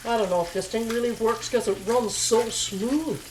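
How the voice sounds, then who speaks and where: A woman chatting casually as she cooks in her home kitchen, repeating her phrases and talking to herself in a slightly hushed voice. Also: moderate pace, a little hiss or hum, rough recording. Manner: talking a little low and hushed. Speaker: home cooking vlogger. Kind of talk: casual cooking chat to camera. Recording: home kitchen recording, audible pan sizzle. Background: frying pan sizzling.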